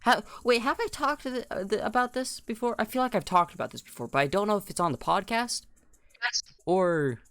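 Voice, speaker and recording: A man's voice: high-pitched, a little fast, clean tone, no room sound. A young man co-hosting a podcast in casual chat, rambling and slangy, with a voice that keeps cracking. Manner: rambling, restarts, slangy, animated when incredulous. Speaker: podcast co-host.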